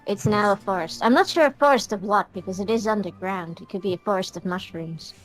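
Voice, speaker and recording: A woman's voice: mid-range voice, a little fast, faint music behind, low-quality recording. A woman playing a tabletop game, talking casually and giggling often. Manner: giggly and playful. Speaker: player. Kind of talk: casual play chat.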